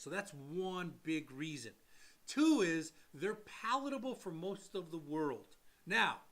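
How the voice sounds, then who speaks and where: A man co-hosting a casual podcast, with a high, bright and sharp voice. He talks with real animation, jumping into quoted voices and laughing often. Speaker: podcast co-host. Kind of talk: casual chat.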